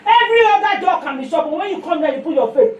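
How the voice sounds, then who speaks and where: A woman with a Nigerian accent preaches a sermon, telling stories animatedly and calling for responses from her listeners in call-and-response fashion. Her voice is very high-pitched and fast. The recording is muffled and echoey, made far from the mic with faint noise.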